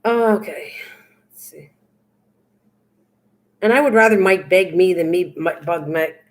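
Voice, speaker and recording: A woman's voice: fairly low pitch, a little slow. An older woman hosting a craft livestream, chatting casually with her viewers in a goofy, teasing, rambling way. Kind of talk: casual chat with live viewers.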